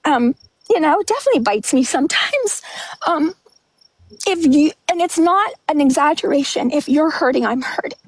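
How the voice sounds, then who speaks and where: A woman's voice: sits high, expressive, moderate pace, no room sound. A woman talking bluntly and emotionally on a livestream, rambling and restarting, a bit out of breath. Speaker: livestream host. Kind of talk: candid livestream monologue.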